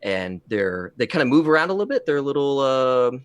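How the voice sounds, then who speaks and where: A man's voice: medium pitch, very animated, fairly quick, clean tone. A man playing a tabletop role-playing game, rambling and restarting as he describes scenes. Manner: rambling, many restarts and fillers. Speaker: player. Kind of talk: casual tabletop play.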